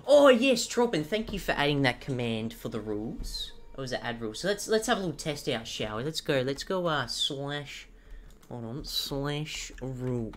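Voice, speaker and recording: A man's voice: medium pitch, big pitch swings, moderate pace, slight background noise. A young man streaming a game, just woken up, chatting in a groggy, sweary way and laughing easily. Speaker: livestreamer. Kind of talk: casual gaming stream chat.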